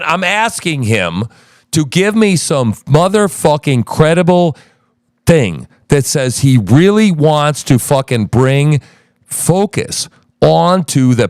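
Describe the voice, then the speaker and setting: A man's voice: a little high, very animated, measured pace, darkish tone, no echo, studio quality. A man hosting a live audio chat room, berating and cursing at a guest in a heated argument. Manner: profane, angry, berating.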